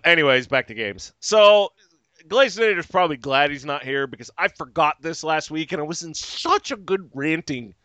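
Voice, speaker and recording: A man rants profanely on a podcast in a bright, forceful voice with a smooth, crisp tone. The recording is dry and close, with no room sound. He is sarcastic and keeps going off on tangents. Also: mid-range voice, no echo. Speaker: podcast host. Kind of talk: casual ranting chat.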